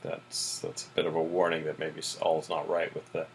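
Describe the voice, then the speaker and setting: A podcast co-host with a gravelly bass voice recaps TV episodes at a normal pace, relaxed and plot-focused, often saying "mm-hmm" and "so." The recording is rough, with a little hiss or hum.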